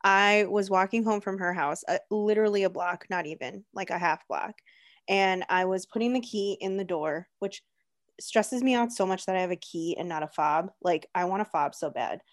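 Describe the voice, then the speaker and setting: A young woman in casual chat, telling stories in a chatty, animated way with lots of fillers. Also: mid-range voice, normal speed. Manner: chatty, animated storytelling with many "like"s.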